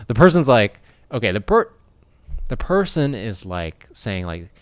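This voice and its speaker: A man's voice: fairly low pitch, big pitch swings, unhurried, long pauses, clean tone, no echo. An American man hosting a casual commentary vlog, talking in an earnest, rambling way. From United States. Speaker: YouTuber.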